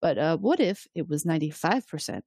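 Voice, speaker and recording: A woman chatting casually as a podcast co-host, retelling a plot and dropping into quick voices for the characters. Her pitch swings widely as she talks. The sound is dry and close. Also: husky, no echo. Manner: animated storytelling, acts out characters' lines. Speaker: podcast co-host recapping episodes. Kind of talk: casual chat.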